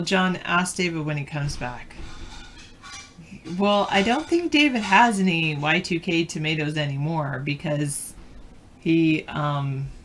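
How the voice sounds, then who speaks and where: A woman's voice: sits low, slight background noise. A woman co-hosting a live stream in casual chat, answering viewers and reading trivia questions aloud. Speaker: co-host and trivia reader.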